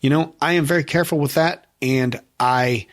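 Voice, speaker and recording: A man's voice: fairly high pitch, moderate pace. A man hosting a podcast alone, chatting casually and reading listener messages, often laughing at his own slip-ups. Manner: self-mocking, laughs often. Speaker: podcast host.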